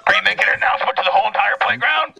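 A man on a radio show, mocking and coaching someone in lively on-air banter. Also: sits high, rapid-fire, creaky, slight background noise, rough recording. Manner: mocking, animated. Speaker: radio co-host. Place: radio studio.

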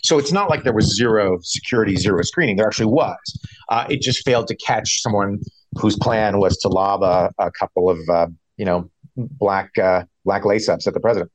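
A middle-aged man, a veteran reporter, explaining events in a measured way with frequent restarts. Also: fairly low pitch, no room sound, low-quality recording. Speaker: veteran White House reporter. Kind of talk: conversational interview answers.

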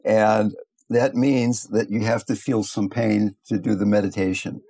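An older man, a meditation teacher, giving a gentle, thoughtful talk and telling stories along the way. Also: fairly low pitch, level tone, a little slow, vocal fry, husky. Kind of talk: reflective talk with storytelling.

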